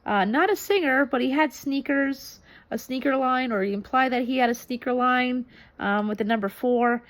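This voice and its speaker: Chatty woman with a high voice. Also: moderate pace. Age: 30s. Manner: rambling, many ums and restarts. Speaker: vlogger reviewing a TV show. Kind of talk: casual chat.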